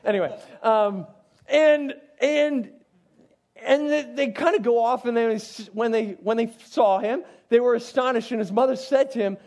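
A man's voice: high-pitched, big pitch swings, normal speed, a little mellow. A man, a youth pastor, teaching from the Bible in a casual, conversational way with frequent asides to his listeners.

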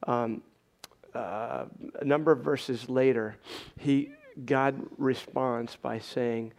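A middle-aged man preaching a sermon in a conversational storytelling way, often clearing his throat and restarting his sentences. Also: mid-range voice, steady tone, slow pace. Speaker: pastor.

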